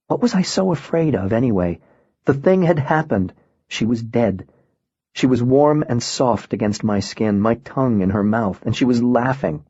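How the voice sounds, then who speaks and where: Man narrating an audiobook, low and quiet, dead dry sound. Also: husky, no room sound, dull audio.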